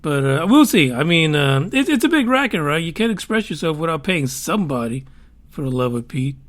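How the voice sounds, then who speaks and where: A man's voice: a little high, sing-song, brisk, a bit bright. A man hosting a solo podcast, talking casually with wry asides and lots of fillers. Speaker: podcast host.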